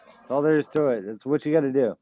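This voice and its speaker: Fast and medium-pitched, a man hosts a casual live show on dull audio with no echo. His manner is blunt and boastful; he swears a lot and brags about pushing through on little sleep.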